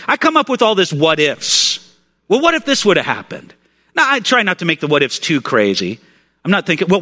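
A man's voice: sits high, pushed and bright. A man preaching a sermon in a conversational storytelling way, often restarting his sentences. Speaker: pastor. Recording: long reverb of a large hall.

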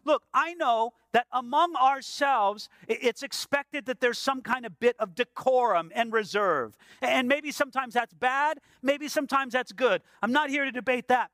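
A man's voice: very high voice, moderate pace, hardly any pauses, fairly bright tone, dry recording, studio quality. A man preaching a sermon in an earnest, conversational way, asking his listeners questions as he goes. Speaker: pastor.

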